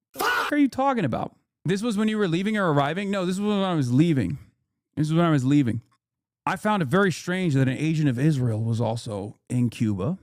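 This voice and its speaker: An indignant male streamer tells a story in heated commentary, swearing freely. His pitch swings widely and sits a little high for a man. The sound is close and dry. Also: no room sound. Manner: profane, animated, indignant storytelling. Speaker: political streamer.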